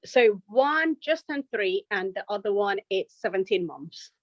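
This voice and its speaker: Young mum guest, animated anecdotes, dry muffled podcast mic. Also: female voice, medium pitch, measured pace, dry recording. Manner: animated storytelling, quoting herself. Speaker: podcast guest, nurse and mother of two. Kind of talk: casual chat.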